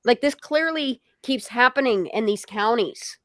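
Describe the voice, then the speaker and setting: A woman's voice: on the high side, measured pace, a bit bright, no room sound. A woman hosting a casual livestream, talking bluntly and heatedly and swearing freely. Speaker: livestream host.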